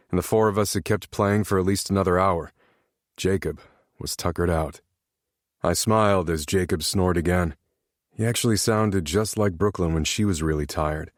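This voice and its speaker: Male narrator, very deep voice, calm even storytelling, dry close mic. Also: dry recording. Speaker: audiobook narrator. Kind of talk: romance audiobook narration.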